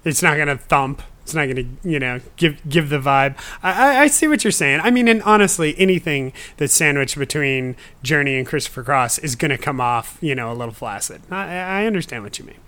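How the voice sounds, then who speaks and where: A man's voice: on the high side, animated, brisk, hardly any pauses, sharp tone. Wry, laughing man hosting a podcast. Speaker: podcast host. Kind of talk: casual chat.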